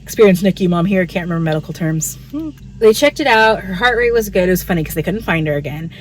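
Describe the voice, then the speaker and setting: Speaking fast and expressively in a fairly low voice, a woman vlogger shares a casual, candid pregnancy update over slight background noise. She's chatty and leans on "like" a lot.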